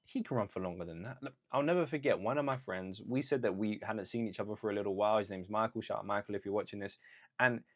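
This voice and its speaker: A man's voice: fairly low pitch, fast talker. A young man giving an earnest, conversational motivational talk, now and then acting out what others said to him. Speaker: vlogger.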